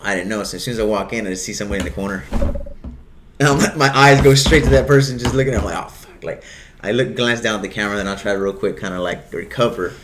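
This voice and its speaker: A man's voice: fairly low pitch, very fast, noisy background. A man hosting a casual chat, telling rambling stories and acting out the quoted lines of other people. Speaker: host.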